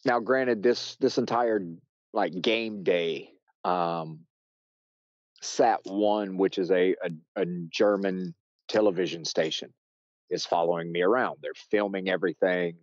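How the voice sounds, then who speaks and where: An American man, a podcast guest, telling a story casually with many restarts and fillers, shouting loudly when he acts out quotes. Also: low voice, unhurried, no echo, muffled recording. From United States. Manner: rambling, with frequent restarts and fillers.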